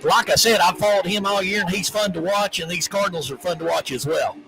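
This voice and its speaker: A man doing color commentary on a high school football game, chatty and full of hype. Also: a little fast, creaky, music in the background, rough recording.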